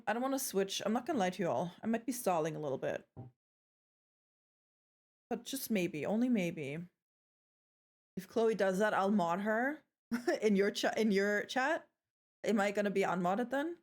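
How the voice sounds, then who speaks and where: A young woman streaming live, chatting playfully with her viewers, joking and swearing as she goes. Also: medium pitch. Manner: playful, chatty, swears freely, trails off and restarts.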